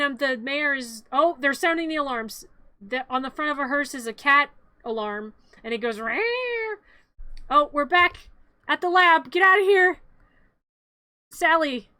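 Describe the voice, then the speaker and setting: A woman's voice: sits high, sharp tone, no room sound. A woman streamer narrating a cartoon in a playful, rambling, giggly way, often correcting herself.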